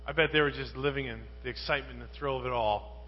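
A male pastor preaching a sermon, moving from quiet Bible reading to loud, rising rhetorical questions. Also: mid-range voice, steady tone, quick pace. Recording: muffled, with long reverb and mains hum.

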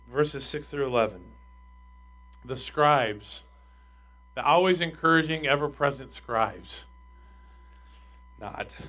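A man preaching a sermon as pastor, emphatic and asking his congregation rhetorical questions, with his voice swinging between loud and quiet. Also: mid-range voice.

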